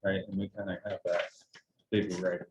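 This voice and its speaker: A deep-voiced man chairing a board meeting, weighing each point slowly and circling back on his words. He hedges often and fills pauses while he thinks, and a faint hiss sits under his voice. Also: flat delivery, highs cut off. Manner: hesitant, hedging, many fillers and restarts. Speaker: board member leading a public meeting. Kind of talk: formal meeting discussion.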